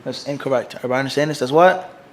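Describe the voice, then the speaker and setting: A man's voice: mid-range voice, racing. A middle-aged man, a mufti, gives a religious lecture to a class. He keeps leaving blanks for the listeners to fill in and checks that they follow him. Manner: quizzes listeners with fill-in "what?" prompts; keeps checking "everybody understand this?". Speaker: mufti teaching a hadith class.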